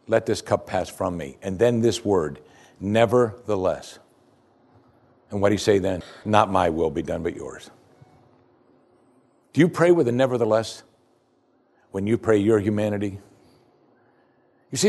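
A man preaching a sermon, asking the listeners one question after another and dropping his voice low and soft at key points. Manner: emphatic preaching with rhetorical questions and sudden drops to quiet. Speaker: pastor.

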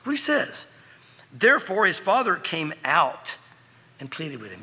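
A man preaching an animated sermon in a church hall. His voice is high, bright and slightly husky, and it rings with long reverb. He slips in and out of the parable's characters as he talks. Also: a little slow, pauses often. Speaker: pastor.

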